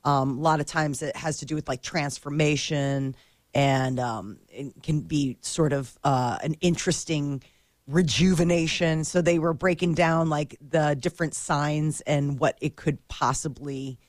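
A woman with a lowish voice chats on a radio show, loose and giggly, full of "like" and "um." The sound is close and dry, with no room around it. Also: fairly even intonation, a little slow, no room sound. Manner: chatty, filler-heavy, giggly. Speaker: radio co-host. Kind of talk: casual morning radio chat.

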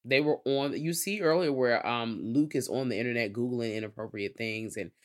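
Co-host with mid-pitched voice, opinionated, slangy movie talk. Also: normal speed. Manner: blunt, opinionated commentary with slang. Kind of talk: casual movie recap chat.

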